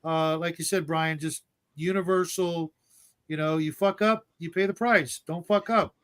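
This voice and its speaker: A man's voice: fairly high pitch, steady tone, measured pace, fairly bright tone. A man in casual chat, blunt and opinionated.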